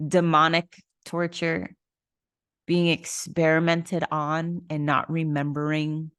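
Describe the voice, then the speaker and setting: A woman's voice: deep voice, slow pace, no room sound, studio quality. A woman hosting a podcast, casually telling a personal story, candid and frank. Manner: candid, casual, swears and laughs. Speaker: podcast host.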